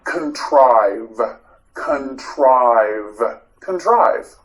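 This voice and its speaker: A man's voice: mid-range voice, expressive, very slow, poor audio. A man teaching English vocabulary, saying each word several times and asking the learner to repeat it. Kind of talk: slow drilled pronunciation lesson.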